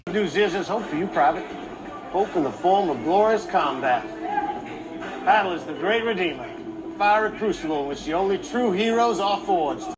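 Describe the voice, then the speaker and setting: An actor playing a gruff army sergeant with a Southern accent, giving a rousing speech in a film clip. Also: male voice, high-pitched, lively intonation, normal speed, low-quality recording. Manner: rousing, declamatory. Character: gruff male army sergeant rallying a soldier. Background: film score music.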